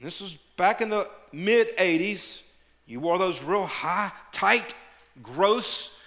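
Middle-aged male pastor, high bright voice, animated sermon delivery that drops into hushed prayer, frequent stumbles and repeats. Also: takes it slowly. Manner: animated storytelling, repeats words, shifts to quiet prayerful tone.

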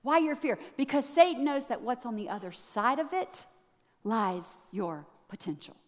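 A woman preaching a sermon to a church, animated, swinging between hushed, low passages and loud, excited ones. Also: big-room sound.

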